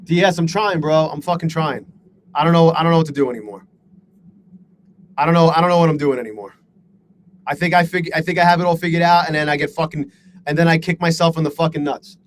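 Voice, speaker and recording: A man's voice: on the high side, fast, pauses often, slight background noise, rough recording. A man live-streaming his day trading, talking to his chat in a frustrated, self-deprecating way and swearing a lot.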